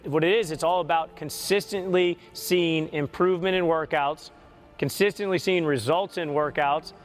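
A man's voice: on the high side, moderate pace, faint music behind. Man, a storytelling basketball coach. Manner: storytelling, quotes people in lively voices. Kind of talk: interview conversation.

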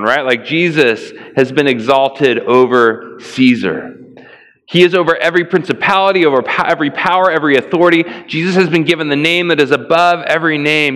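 A man preaching a sermon in a casual, conversational way, acting out little dialogues in a raised voice. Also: a bit bright. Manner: casual and conversational, acts out dialogue with rising pitch. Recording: long hall reverb.

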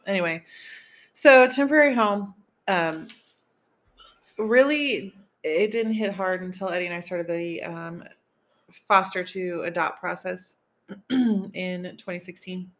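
A woman's voice: lowish voice, takes it slowly, pauses often. A woman co-hosting a podcast in casual chat, choked up and laughing through tears. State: tearful. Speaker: podcast co-host.

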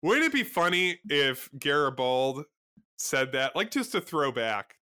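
Bright-voiced man podcast co-host. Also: on the high side, sing-song, a little slow, smooth. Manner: enthusiastic, rambling, casual swearing. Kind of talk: casual chat recapping a TV episode.

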